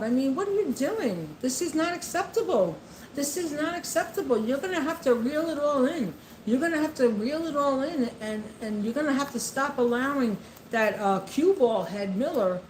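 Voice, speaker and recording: A woman's voice: high voice, a little mellow, a little hiss or hum. A woman delivering an impassioned monologue of political commentary, repeating herself and speaking straight to the president. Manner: impassioned, repetitive, addresses the president directly. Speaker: vlogger. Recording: echoey room with faint ambience.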